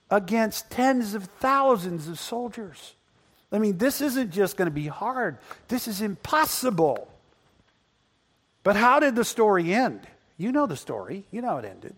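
A man preaching a sermon to a congregation, telling Bible stories in an animated way that swings from loud, excited passages to hushed, quiet ones. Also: high voice, big-room sound. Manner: animated storytelling, acting out biblical characters, swings between loud and hushed. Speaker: pastor. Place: church building before a congregation.

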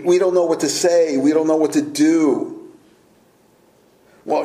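A middle-aged man preaching a sermon as pastor, earnest and deliberate, with filler words. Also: a little high, dark tone. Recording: echoey room.

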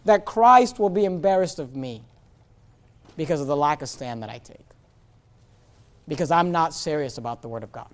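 A man preaching a sermon as pastor, forceful and emphatic, with frequent repetitions. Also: fairly high pitch, lively intonation, moderate pace, pauses often.

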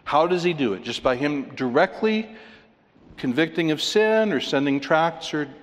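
A man's voice: fairly high pitch, expressive, moderate pace. Emphatic male preacher in a reverberant hall. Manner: conversational, emphatic, with rhetorical questions and chuckles. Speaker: pastor. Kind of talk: sermon.

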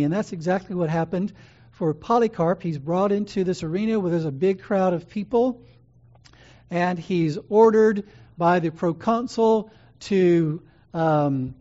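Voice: medium pitch, darkish tone. A preacher delivering an earnest sermon, repeating key phrases with emphatic build-ups, in a slightly dull recording.

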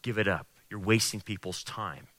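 A man voicing the devil as a low, hushed, taunting whisperer of doubt. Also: normal speed, no room sound.

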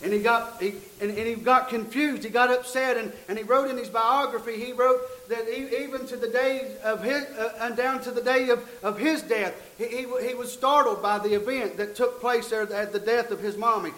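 A male preacher tells a story from the pulpit in a folksy way, doubling back on his words. His voice sits very high, and it echoes around a church room. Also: steady tone, normal speed, hardly any pauses, bright, forceful tone. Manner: folksy, repeats and restarts phrases. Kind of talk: storytelling sermon.

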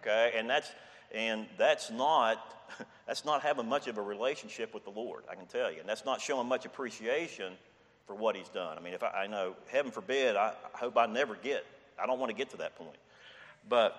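A man preaching a sermon in a relaxed, conversational way, often checking in with "okay?". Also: on the low side, a little fast. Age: 60s. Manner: conversational, repeats "okay?" and "I mean". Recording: long hall reverb.

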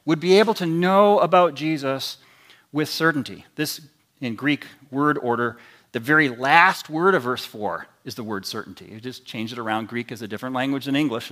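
A man's voice: on the high side, sharp tone. A man preaching a sermon in an earnest, emphatic way, his intensity rising and falling as he teaches. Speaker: pastor.

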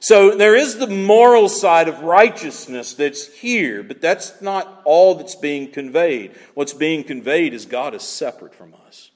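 A man preaching a sermon as pastor, emphatic, moving between loud declaiming and quiet asides. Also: fairly high pitch, lively intonation, unhurried, hardly any pauses, in a large hall.

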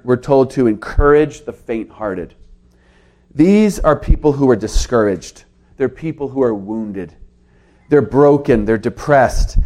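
A man preaching a sermon to his congregation, earnest, with his pitch rising and dropping for emphasis. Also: mellow. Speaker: pastor.

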